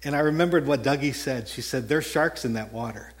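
A man's voice: medium pitch, moderate pace. A man with a Texan accent, a pastor giving a conversational sermon that mixes scripture with a personal story, often correcting himself mid-sentence. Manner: conversational, self-correcting, chuckles at his own stories.

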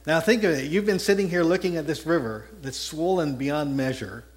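A Texan pastor preaches in an easy, conversational way, stopping to fix his own slips and chuckling at his stories. His male voice sits a little high for a man. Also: fairly quick. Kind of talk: sermon with personal story.

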